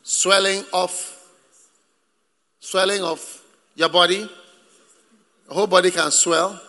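Man, preacher, slow sermon delivery, gravelly bright voice, long hall reverb. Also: high voice. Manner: lively, joking with the congregation. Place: church hall.

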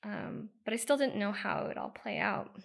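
A woman's voice: mid-range voice, animated, brisk, vocal fry. A woman in her thirties from the United States speaks as a podcast guest. She tells her personal story in a candid, heartfelt way. Her speech is loose and conversational, full of "like" and "you know.".

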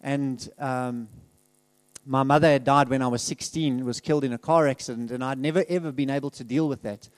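A man's voice: mid-range voice, steady tone, a little fast, no room sound. A middle-aged man giving a candid, conversational testimony as a guest speaker in a church, laughing often and restarting his sentences.

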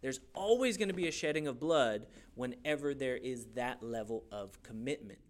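A man's voice: medium pitch, lively intonation, normal speed. A man teaching a youth Bible class in a casual, joking way, asking the class questions as he goes.

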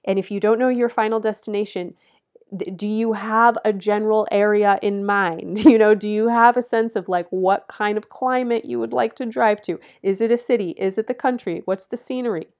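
A woman's voice: medium pitch, fairly even intonation, normal speed, darkish tone. Earnest, encouraging woman astrologer. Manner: earnest, encouraging, laughs between phrases; emphatic repeated instructions. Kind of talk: astrology forecast talk.

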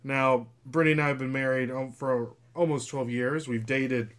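A man's voice: mid-range voice, steady tone, normal speed, fairly bright tone. A man hosting a casual reselling chat, rambling with fillers and talking to viewers. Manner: rambling, many fillers, chatty with viewers and dog. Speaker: reseller podcast host. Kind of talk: casual livestream chat with his wife.

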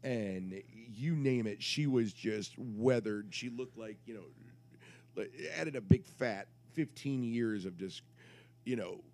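A man with a somewhat low voice tells a story on a casual podcast. He rambles, restarts his sentences and swears freely, in an offhand, crude way. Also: takes it slowly, a little mellow. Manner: rambling, crude, self-interrupting anecdote. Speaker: podcast co-host.

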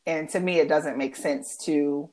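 Low-voiced woman, earnest chat. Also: fairly even intonation, unhurried, a little mellow. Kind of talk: casual chat between friends.

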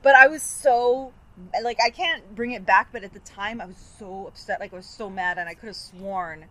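A woman's voice: medium pitch, normal speed, bright, forceful tone, low-quality recording. A woman in her thirties co-hosting a podcast, chatting casually and acting out her own quotes as she tells a story. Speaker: podcast co-host. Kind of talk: casual chat.

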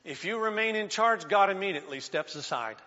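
High bright-voiced preacher in a hall. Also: male voice, lively intonation, a little fast. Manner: preaching with call-and-response, swinging from shouts to quiet asides. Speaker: pastor. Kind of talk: sermon. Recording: dull sound in a large reverberant hall.

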